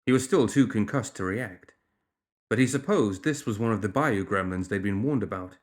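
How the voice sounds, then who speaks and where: A man reading a fantasy story aloud as audiobook narrator, with expressive storytelling. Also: fairly low pitch, moderate pace. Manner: expressive storytelling, lively intonation. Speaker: audiobook reader. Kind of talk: scripted narration.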